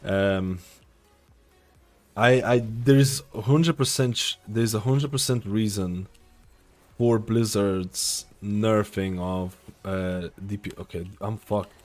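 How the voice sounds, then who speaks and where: A man's voice: on the low side, slow pace, soft background music. A man streaming a game and chatting casually in a loose, joking, self-deprecating way. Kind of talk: casual gameplay commentary.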